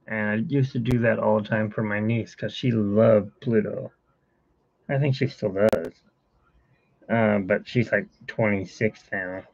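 A man's voice: lowish voice, fairly even intonation, measured pace, vocal fry, muffled recording. A middle-aged man hosting a casual live stream from home, rambling and chuckling as he talks to viewers while he sketches. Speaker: host.

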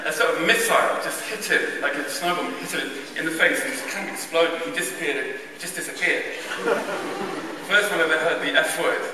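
A man's voice: fairly high pitch, fast, hardly any pauses, crowd noise. A man telling a funny, self-mocking childhood story to a church audience, chuckling as he goes. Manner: wry, self-mocking, chuckling anecdotal delivery. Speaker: speaker at a church carol event. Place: large church. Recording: distant echoey church recording.

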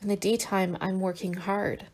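A woman reader voicing a tender young man who gently coaxes and teases his sick lover in an audiobook. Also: mid-range voice, flat delivery, normal speed, lightly acted. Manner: gentle and coaxing, with soft teasing.

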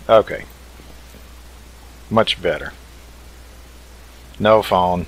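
A man's voice: low-pitched, a little slow, long pauses, a bit bright, slight background noise, low-quality recording. A man hosting a let's play, thinking aloud in an easygoing way as he builds. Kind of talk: casual game commentary.

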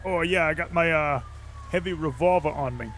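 A relaxed, good-humored Australian bushman, as a man puts him on for a game roleplay, tossing "mate" into nearly every reply. The voice sits a little high, and a faint hiss runs under it. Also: normal speed, natural voice. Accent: put-on Australian. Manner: easygoing, says "mate" a lot. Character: laid-back Australian bushman, adult man.

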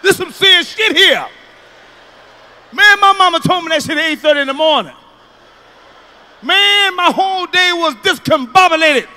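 A man doing a loud, profane stand-up comedy routine, telling stories with sudden shouts. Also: extremely high pitch, moderate pace, long pauses.

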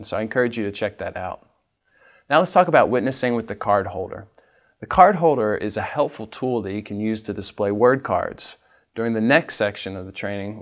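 Man, lowish voice, literacy trainer, patient step-by-step teaching. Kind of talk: instructional training talk.

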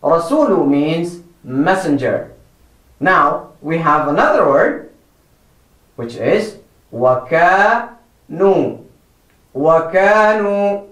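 A man with a fairly high voice teaches children Quran recitation at a slow, careful pace. He patiently repeats each word and points out the wrong ways to say it. The sound carries a noticeable room echo. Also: lively intonation, a bit bright.

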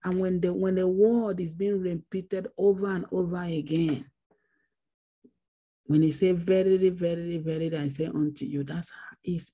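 A woman's voice: lowish voice, mellow, husky. A woman pastor preaching a Bible study sermon, repeating phrases for emphasis. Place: church.

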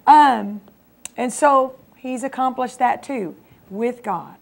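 Co-hosting a Christian program in a local cable TV studio, a woman with a slightly high, slow voice and some vocal fry urges her husband to share his testimony in a faith-centered chat.

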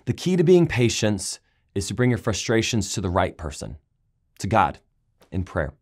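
A pastor preaching a sermon, retelling scripture stories with lively, raised voices for the quoted complaints. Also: male voice, on the low side, moderate pace, slightly rough. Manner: animated storytelling, raising voice for quoted complaints. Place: large church auditorium.

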